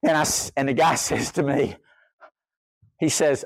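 A man's voice: mid-range voice, measured pace, creaky, dry recording. Folksy older male pastor, dry sound. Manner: folksy, humorous storytelling. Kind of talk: sermon.

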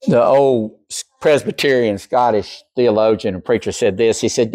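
A man preaching a sermon, acting out quoted voices and dropping from loud to near whisper. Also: medium pitch, moderate pace, dry recording. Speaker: pastor.

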